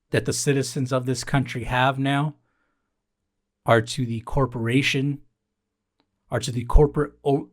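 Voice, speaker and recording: Young male podcast host, sardonic, exasperated, profane; mid-range voice, repeats lines for emphasis. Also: medium pitch. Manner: sardonic, exasperated rants with mock-pleading asides. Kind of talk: solo comedic monologue.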